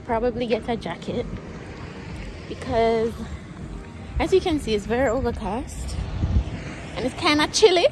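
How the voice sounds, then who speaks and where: A woman's voice: on the high side, lively intonation, unhurried, pauses often, background noise. Breathless Jamaican woman vlogging outdoors. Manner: chatty, laughs often, uses patois phrases. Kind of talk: casual walking vlog. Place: outdoors on a street.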